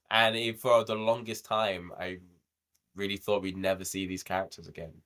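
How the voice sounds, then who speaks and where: A man's voice: fairly low pitch, fairly even intonation, normal speed, a bit bright. A young man co-hosting a podcast, chatting casually about a show, laughing often and swearing freely. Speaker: podcast co-host. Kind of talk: casual review chat.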